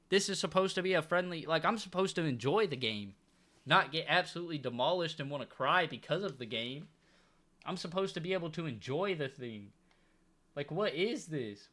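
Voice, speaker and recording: Young male gamer, high bright voice, exasperated comic whining as he plays. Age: young adult. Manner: exasperated, pleading, comic complaining. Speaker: gaming YouTuber. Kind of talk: live game commentary.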